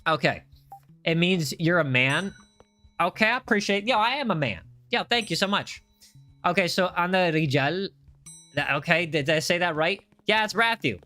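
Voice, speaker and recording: A man's voice: high-pitched, animated, normal speed, bright, forceful tone, faint music behind. A man hosting a live gameplay stream, reading chat aloud and chatting in a playful, teasing way. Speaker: gaming livestream host.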